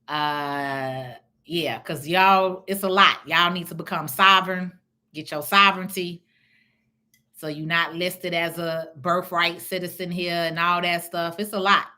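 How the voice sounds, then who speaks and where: A middle-aged woman from Chicago talks straight to her viewers on a casual livestream, blunt and salty, with lively swings between hushed asides and loud bursts. Her voice is low-set but bright and forceful. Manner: blunt, profane, animated talk. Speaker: real estate investor hosting a livestream. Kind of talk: casual livestream chat, reading viewer comments.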